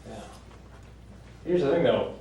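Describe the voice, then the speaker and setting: Man, stand-up comedian, deadpan, animated pitch, distant mic, roomy club echo. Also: unhurried, lo-fi sound, a little hiss or hum. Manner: deadpan delivery with high squeaky voices for quoted characters. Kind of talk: stand-up set. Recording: live club recording from a distance, echoing room, crowd laughter. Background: audience laughter.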